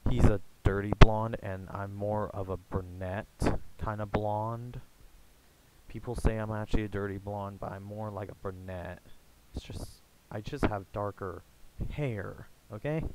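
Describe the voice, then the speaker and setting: A young American man chatting casually in a rambling, halting way, full of fillers and restarts. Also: lowish voice, steady tone, heavy background noise. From United States. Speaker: gaming YouTuber. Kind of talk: casual rambling vlog chat.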